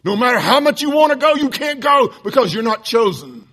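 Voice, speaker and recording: Brief: preacher, high-pitched man, blunt and fired up, reading quotes then arguing back. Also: very animated, fairly quick, hardly any pauses, pushed and bright. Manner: impassioned, blunt, addresses listeners as folks. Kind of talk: sermon lesson.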